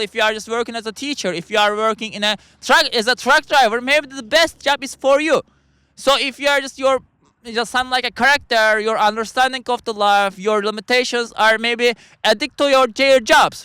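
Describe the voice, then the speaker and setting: Bright, halting man musing on philosophy. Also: very high voice, clean tone, no echo. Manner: halting, rambling, frequent restarts; speaks English as a second language. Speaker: podcast host. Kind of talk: philosophical monologue.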